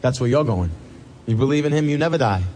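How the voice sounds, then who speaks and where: A man's voice: medium pitch, lively intonation, fast talker, a little mellow. A man pastor preaching an impassioned sermon, emphatic and repeating his key phrases.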